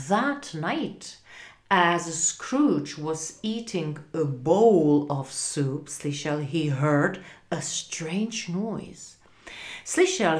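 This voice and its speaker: A woman teaching an English story lesson, reading a line at a time and asking and answering her own questions as she translates. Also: lowish voice.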